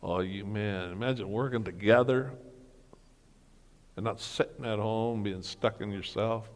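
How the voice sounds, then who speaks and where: A man's voice: lowish voice, measured pace. A man giving a motivational talk as guest speaker at a church men's breakfast, telling stories with humor and acting out the dialogue. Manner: storytelling that acts out dialogue with humor. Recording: reverberant hall.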